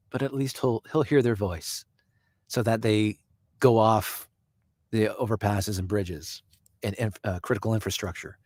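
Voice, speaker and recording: A man's voice: on the low side, dry recording. A man from Canada hosting a casual live stream. He reads viewer comments aloud, answers people by name and chuckles often.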